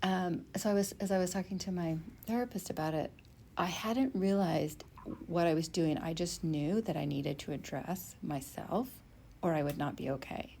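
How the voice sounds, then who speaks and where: A woman with a low, mellow voice tells a personal story as a podcast host. She talks in a candid, reflective way and lets her voice sink to a near whisper for her inner thoughts, with a faint hiss behind her.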